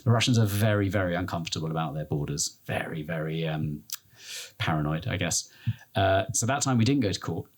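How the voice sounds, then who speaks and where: Low-voiced British man telling travel stories. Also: expressive, brisk. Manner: rambling, acts out quoted voices. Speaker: explorer and podcast guest. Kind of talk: storytelling in a live interview.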